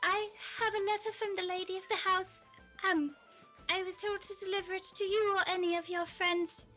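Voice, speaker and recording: A woman's voice: extremely high pitch, level tone, moderate pace, bright, forceful tone, faint music behind, voice pushed up. A woman voicing a timid, skinny young page boy who speaks shakily. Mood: nervous. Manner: shaky, hesitant.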